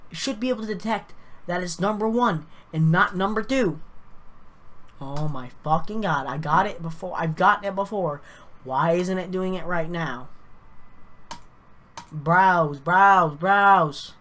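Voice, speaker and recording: A woman's voice: fairly low pitch, moderate pace. A tired woman streaming a racing game, swearing as she struggles with a scoring program and sorts standings. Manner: frustrated, profane, muttering then shouting. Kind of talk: live stream commentary.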